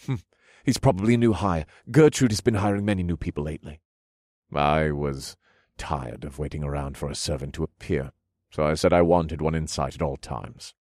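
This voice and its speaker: A man's voice: extremely low pitch, steady tone, normal speed, a little mellow, no room sound, studio quality, pitched below the performer's own voice. A man voicing a curt, secretive male duke who barks clipped commands at servants in an audiobook. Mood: dismissive. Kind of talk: audiobook character voice.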